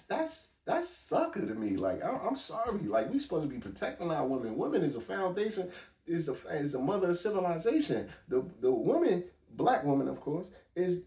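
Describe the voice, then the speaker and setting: In an echoey room, a man with a slightly high, warm voice speaks well away from the microphone. He's a podcast host giving an offhand commentary monologue, talking bluntly and emphatically in a street manner and often starting over.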